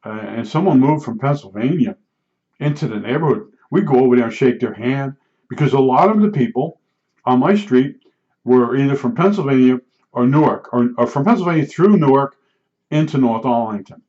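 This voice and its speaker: An older man with a New Jersey accent rambles through personal stories in a casual, chatty way. He circles back with frequent asides, and his middle-pitched voice comes through a dull, lo-fi recording. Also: lively intonation, moderate pace, darkish tone. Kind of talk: casual storytelling monologue. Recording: dull lo-fi sound.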